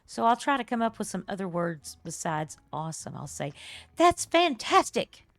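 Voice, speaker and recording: A woman's voice: lowish voice, animated, brisk, gravelly, dry recording. An older woman, chatting effusively and laughing often as she streams a game live and thanks her viewers. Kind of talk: live-stream chat while playing.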